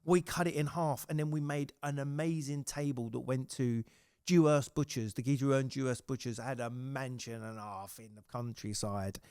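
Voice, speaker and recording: A man's voice: medium pitch, moderate pace, clear, resonant tone, no echo, clean studio sound. A man hosting a casual chat, telling swear-laden stories with acted-out quotes. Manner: swears freely, animated storytelling with acted quotes. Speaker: podcast host.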